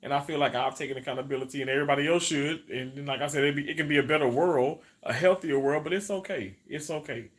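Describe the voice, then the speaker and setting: A man's voice: fairly high pitch, quick pace, few pauses. Chatty man rambling on a live stream. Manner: rambling, repeats words, talks to viewers as y'all. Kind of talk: casual live stream chat reading comments.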